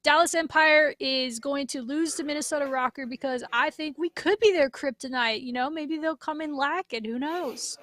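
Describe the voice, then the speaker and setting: Woman, high voice, dry close sound, upbeat casual podcast host. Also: fairly bright tone, no echo. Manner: upbeat, chatty, quick asides.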